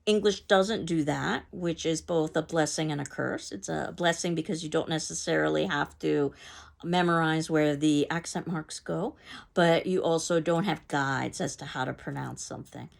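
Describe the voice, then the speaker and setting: Low gravelly woman teaching. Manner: explanatory, measured, with fillers and restarts. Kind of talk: recorded lecture.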